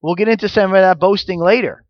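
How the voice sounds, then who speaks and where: A man's voice: sits high, fast, no echo, muffled recording. A man giving a sermon as pastor, teaching through rhetorical questions and repeated phrases.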